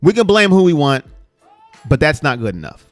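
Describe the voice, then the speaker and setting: A man's voice: fairly high pitch, sing-song, moderate pace, soft background music. A man hosting a live fan show for a sports team, talking emphatically, repeating his points and reading out viewer comments.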